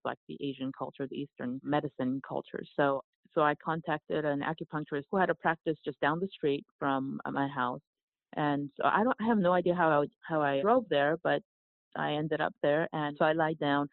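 A gravelly, fry-laden voice heard over a tinny, phone-like line, dry with no room sound. The speaker, from South Korea and a yoga teacher, talks earnestly and reflectively, often restarting phrases. The pitch sits in a middle range. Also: no room sound. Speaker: podcast guest, yoga teacher. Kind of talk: storytelling in conversation.

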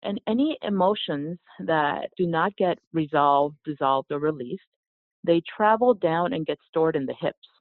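A woman guest, a yoga teacher and author, explains her ideas calmly and earnestly at a middle pitch. Her voice comes through a thin, tinny, phone-like line that sounds dry and close. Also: measured pace, dry recording. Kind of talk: casual interview.

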